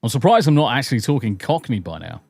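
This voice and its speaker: English man, mixed regional accent, relaxed podcast chatter with casual swearing, dry close sound. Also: medium pitch, fast talker, vocal fry, no room sound. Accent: mixed English, part Southern, Northern, Midlands and Essex. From English Midlands. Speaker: podcast host.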